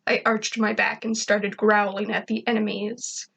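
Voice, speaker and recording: A woman reading fan fiction aloud in plain, even first-person narration. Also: mid-range voice, a little slow, vocal fry, breathy edge. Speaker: reader.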